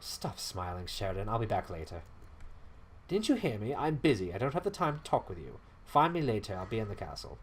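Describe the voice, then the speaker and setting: A man voicing a curt young male rival who brushes others off, speaking low and clipped. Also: very animated, a little fast, husky. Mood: dismissive. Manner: brusque, dismissive.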